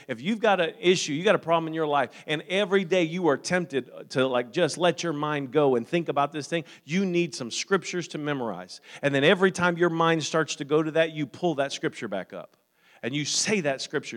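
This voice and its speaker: A man preaching a sermon as pastor, growing loud and emphatic at times, then calm and practical with plain fillers and repeats. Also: on the high side, a little fast. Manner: frequent fillers and repeated words.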